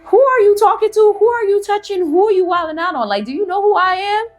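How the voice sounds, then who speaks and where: A woman's voice: on the low side, fairly even intonation, brisk, faint music behind, lightly acted. A woman voicing a cocky man back from years as a zombie, boastful and taunting as she tells a spooky story.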